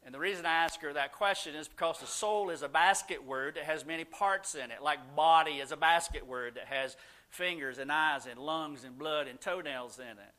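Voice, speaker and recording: A middle-aged man tells stories to a live audience with a bright, forceful tone. His pitch sits a little high, and he gets animated as he quotes people. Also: normal speed. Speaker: speaker answering audience questions. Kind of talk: casual talk to a live audience.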